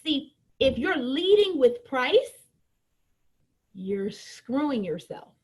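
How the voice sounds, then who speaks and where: A woman's voice: high-pitched, big pitch swings, slow, darkish tone, slightly rough. A woman giving an emphatic, joking business training talk, repeating her points and preaching to her team.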